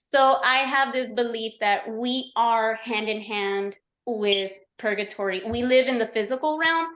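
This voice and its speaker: A woman's voice: on the high side, a little slow, a bit bright. Chatty woman in an echoey room. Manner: chatty, explains with lots of "like" and "you know". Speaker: podcast guest. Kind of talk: casual podcast conversation. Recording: roomy, echoey remote recording.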